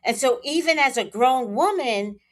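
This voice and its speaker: A woman's voice: high voice, lively intonation, normal speed. A woman tarot reader giving casual gossip commentary, speculating and talking straight to her viewers.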